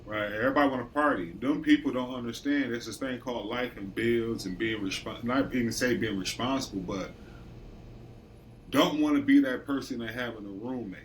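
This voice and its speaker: A man's voice: medium pitch, a little fast. Male co-host, late thirties; loose, profane storyteller who acts out coworkers; mid-range voice, faint background noise. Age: late 30s. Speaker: podcast co-host. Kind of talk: casual chat.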